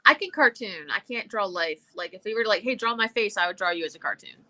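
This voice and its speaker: A woman in casual chat, quick-witted, laughing often and swearing. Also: on the low side, animated, bright, forceful tone. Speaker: comedian guest.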